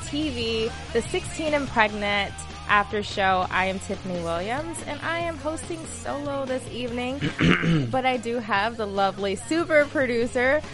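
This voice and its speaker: A woman's voice: fairly high pitch, animated, moderate pace, over music. A woman from Alabama hosting a TV recap show in a casual, upbeat way, laughing easily. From Alabama, USA. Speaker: host. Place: studio.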